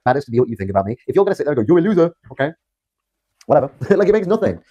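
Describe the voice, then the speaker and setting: A man's voice: mid-range voice, very animated, very fast, warm tone, breathy edge. A young man from Britain on a livestream, ranting defiantly with rambling restarts. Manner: rambling, repetitive, stumbling restarts.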